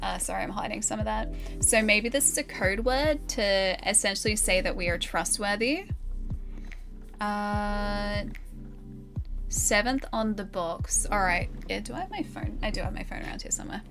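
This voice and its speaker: A woman's voice: mid-range voice, normal speed, music in the background. An Australian woman streaming live, casually thinking aloud and chatting with her viewers.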